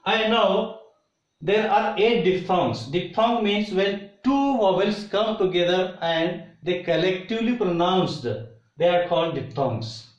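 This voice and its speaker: A man with an Indian English accent teaching English vowel sounds, deliberately repeating each example word. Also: high-pitched, lively intonation. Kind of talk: slow explanatory lesson. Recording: roomy, dull lo-fi sound.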